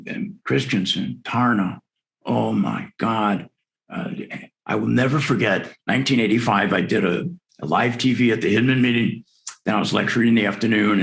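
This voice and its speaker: A man's voice: on the low side, vocal fry, fairly bright tone. A man in his sixties giving an enthusiastic, story-filled lecture to dentists at a virtual conference. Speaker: dental lecturer. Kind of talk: conference presentation. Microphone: video call.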